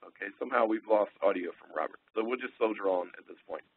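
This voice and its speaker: A man presenting a technical webinar, relaxed and full of ums and uhs as he thinks aloud. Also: lowish voice, fast talker, slightly rough, no echo. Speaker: webinar presenter, sales engineer. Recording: tinny phone-line audio.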